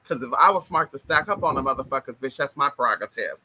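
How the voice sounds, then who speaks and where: A man's voice: mid-range voice, lively intonation, quick pace, bright, forceful tone, breathy edge, low-quality recording. A man chatting casually to camera in a sassy way, swearing a lot and calling everyone girl and honey. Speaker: vlogger.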